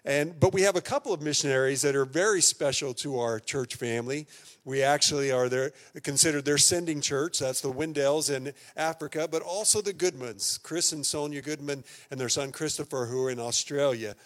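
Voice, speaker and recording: A man's voice: fairly high pitch, fairly quick. A man welcoming a church congregation and introducing a guest speaker in a friendly, conversational way. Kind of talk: Sunday service welcome and introduction. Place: church sanctuary.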